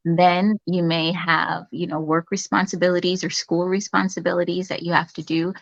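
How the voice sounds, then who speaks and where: A calm, reflective woman chats as a guest in an interview, her voice sitting a little low. She talks softly and unhurriedly, with plenty of fillers. The sound is dry and slightly dull. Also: normal speed, gravelly, dry recording. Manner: calm, reflective, soft-spoken with many fillers. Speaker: nurse guest. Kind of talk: casual interview chat.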